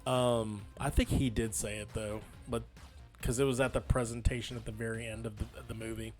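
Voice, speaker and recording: A man's voice: medium pitch, level tone, brisk, faint music behind. Young guy cohosting a movie podcast, jokey, laughs a lot. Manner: playful, laughs often, does loud movie-quote impressions. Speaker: podcast co-host. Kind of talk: casual movie podcast chat.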